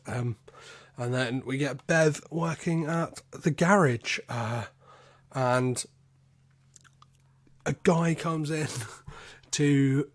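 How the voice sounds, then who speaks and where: A British man talks through a film on his own podcast, loose and chatty, swearing freely and padding his sentences with "like" and "um". His pitch sits in the middle range for a man. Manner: rambling, sweary, lots of "like" and "um". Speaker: podcast host. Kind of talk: casual film recap podcast.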